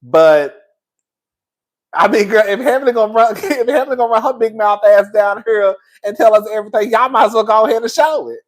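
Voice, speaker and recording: Talking a little fast in a high voice, the host of a laid-back show dishes on reality TV drama, gossiping with lots of laughter and animated energy.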